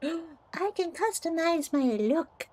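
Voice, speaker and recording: Giggly woman streamer with a lively voice. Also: extremely high pitch, takes it slowly, slight background noise. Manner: giggly, playful, teasing. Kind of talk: casual gameplay commentary.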